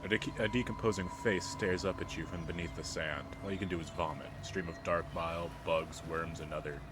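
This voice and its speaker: A man's voice: low voice, fairly even intonation, fairly quick, noisy background. A man reading a dating game's text aloud and adding wry, self-deprecating comments. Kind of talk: let's play reading and commentary. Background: game music.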